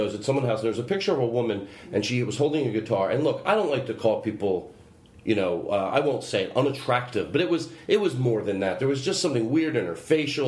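Man, podcast host, rambling storyteller, lively ups and downs, roomy echo. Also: mid-range voice. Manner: rambling storyteller, laughs often, self-interrupting. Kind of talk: casual podcast chat. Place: home studio with his dog. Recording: echoey room, faint noise.

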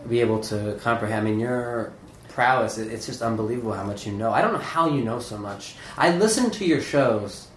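A man's voice: fairly low pitch, a little hiss or hum. Earnest guy guesting on a podcast, stops and restarts a lot, echoey room. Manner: halting, restarts often, earnest. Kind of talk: casual interview chat.

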